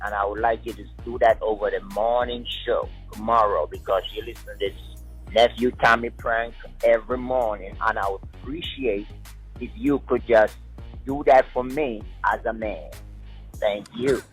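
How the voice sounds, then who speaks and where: Husky man leaving a formal voicemail. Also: on the low side, fairly even intonation, normal speed, soft background music, low-quality recording. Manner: formal, earnest request. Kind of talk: recorded voicemail message.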